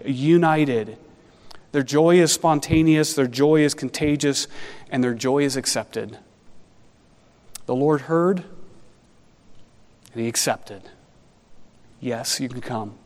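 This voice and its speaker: A man preaching an expository sermon as pastor, animated and conversational with wry asides. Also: fairly high pitch, slow pace, pauses often, long reverb tail.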